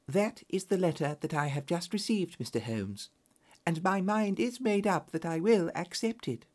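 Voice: mid-range voice, expressive, moderate pace, darkish tone. A narrator telling a story in the first person as a storybook reading.

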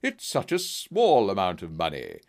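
A man voicing a smooth, menacing middle-aged blackmailer, slow and mocking in a storybook reading. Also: deep voice, huge pitch swings, pitched below the performer's own voice, exaggerated voice. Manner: slow, mocking and falsely sorrowful.

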